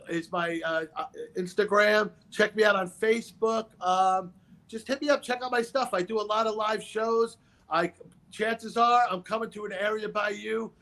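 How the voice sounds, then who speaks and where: High-voiced comedian, rambling storytelling. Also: male voice, fairly bright tone. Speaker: comedian guest. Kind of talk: stand-up style chat.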